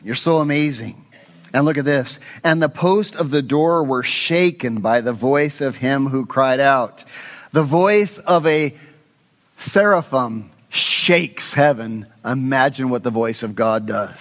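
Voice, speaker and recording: A male pastor preaches expressively, putting questions to the congregation and slipping into hushed, prayerful asides. His mid-range voice is unhurried, and the audio sounds dull.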